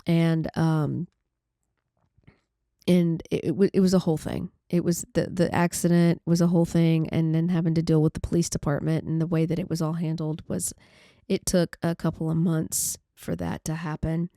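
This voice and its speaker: A woman podcast host recounting a painful personal story in a halting, conversational way with many restarts. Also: low-pitched, little pitch movement, mellow, no room sound, clean studio sound.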